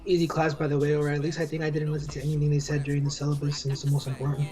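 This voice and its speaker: A young man co-hosting a podcast, telling rambling stories in relaxed casual chat. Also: a little high, very fast, faint music behind. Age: young adult. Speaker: podcast co-host.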